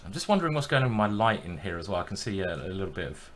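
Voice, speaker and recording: A man's voice: low-pitched, very animated, very fast. A man streaming his chess games, thinking aloud with self-deprecating commentary.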